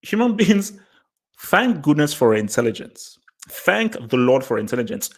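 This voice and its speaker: A man chatting casually on his own livestream at a middle, ordinary pitch. He rambles and repeats himself, and his voice leaps sharply upward whenever he drives home a point. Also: measured pace. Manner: animated and rambling, repeats words, jumps in pitch for emphasis. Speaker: livestream host.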